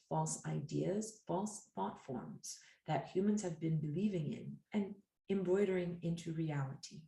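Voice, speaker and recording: A low-voiced woman with a gravelly edge delivers a rambling spiritual lecture, drifting into asides as she goes. She sits back from the mic, so her voice carries an echoey room sound. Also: a little mellow, far from the mic. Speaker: spiritual teacher.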